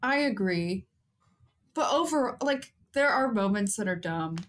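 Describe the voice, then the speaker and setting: A woman's voice: mid-range voice, expressive, a little slow. Laid-back woman, casual podcast guest. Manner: laid-back, laughs often, short replies. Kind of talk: casual movie review chat.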